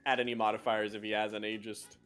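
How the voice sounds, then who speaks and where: A man running a tabletop game as game master, animated and often jumping into character voices. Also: fast, smooth. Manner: animated, jumps into high-pitched character voices. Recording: faint music behind.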